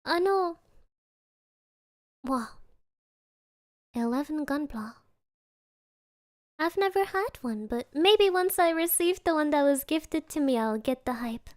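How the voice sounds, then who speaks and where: A woman's voice: high-pitched, lively intonation, slow, pauses often. A young woman streamer chatting casually, laughing often and sprinkling Japanese words into her talk.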